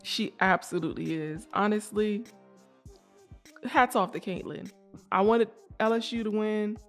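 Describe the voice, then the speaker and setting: A woman's voice: mid-range voice, unhurried, soft background music. A young woman co-hosting a podcast, talking in a chatty, slangy way and laughing often. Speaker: podcast co-host. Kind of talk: casual chat.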